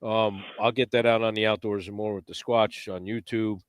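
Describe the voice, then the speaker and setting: A man telling a hunting story in casual podcast chat, animated and profane, acting out the quotes. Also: on the low side, moderate pace, smooth, dry recording, clean studio sound. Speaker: podcast guest.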